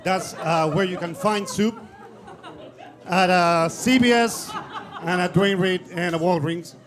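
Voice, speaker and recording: A young man from Uruguay performing deadpan stand-up with slides, his voice sitting a little high. He stumbles through uhs in a flat, halting way. Laughter rises from a live audience around him. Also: a faint crowd, slight background noise. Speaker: stand-up comedian. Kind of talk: comic PowerPoint presentation. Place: comedy venue with live audience.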